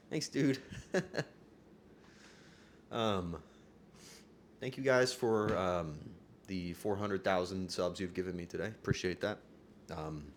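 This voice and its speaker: A man's voice: low voice, slow pace, long pauses. A man streaming live and talking to his chat, earnest and profane, joking and laughing often. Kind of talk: livestream talk to chat.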